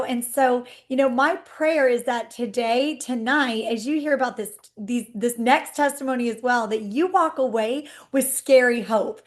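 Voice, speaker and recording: A woman hosting a testimony session, chatty and excited, speaking straight to her audience. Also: a little high. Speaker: host of a testimony call. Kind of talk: casual hosting on a video call.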